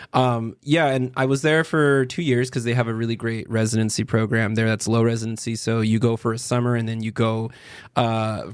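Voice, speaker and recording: A man's voice: fairly low pitch, no echo, studio quality. A man speaking as a podcast guest, an artist and art educator, talking casually, rambling a little and laughing often. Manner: chatty, laughs often, rambling with many fillers.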